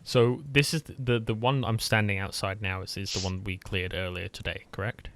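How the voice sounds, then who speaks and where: A man's voice: fairly low pitch, fairly even intonation, normal speed, fairly bright tone, no echo. A man playing in a tabletop game, joking around and often restarting his sentences. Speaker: player. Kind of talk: casual tabletop game chat.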